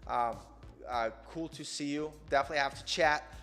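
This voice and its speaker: A man's voice: on the high side, normal speed, sharp tone, big-room sound, faint music behind. A man in his forties hosting a coding channel in an earnest, rambling live-stream chat, peppered with "man". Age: 40s.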